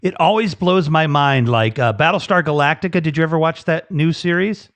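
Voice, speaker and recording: A man's voice: a little high, brisk, fairly bright tone. Rambling male live-show host. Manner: rambling, repeats himself, reads viewer comments. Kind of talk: casual live interview.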